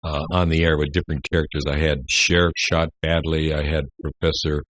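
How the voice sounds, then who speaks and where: Deep-voiced older man telling stories. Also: flat delivery, a bit bright, no echo. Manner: rambling anecdotes with many "uh" pauses. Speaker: guest entertainer. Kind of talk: casual radio interview.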